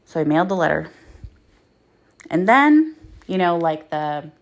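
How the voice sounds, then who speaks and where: A woman's voice: on the low side, very animated, a little slow. A woman hosting a podcast, telling her own story in a raw, blunt way with heavy swearing and lots of fillers. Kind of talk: candid personal storytelling.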